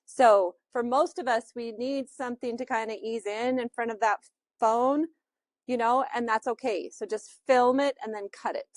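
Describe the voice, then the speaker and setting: A woman's voice: fairly high pitch, fairly even intonation, moderate pace, no echo. A woman with a Utah accent teaching a social media class in a chatty, loose way with lots of fillers. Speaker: real estate social media instructor.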